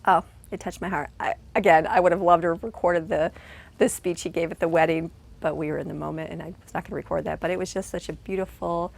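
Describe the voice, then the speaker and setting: A woman's voice: lowish voice, fairly even intonation, fast, gravelly. A middle-aged woman talking in a casual vlog, earnest and emotional, rambling with many restarts and heartfelt thanks. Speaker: vlogger and mother.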